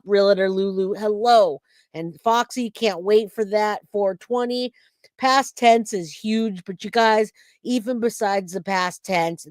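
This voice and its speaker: A woman's voice: mid-range voice, dry recording, clean studio sound. A woman hosting a true crime livestream, reacting to clips and greeting chat viewers by name. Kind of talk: casual livestream commentary.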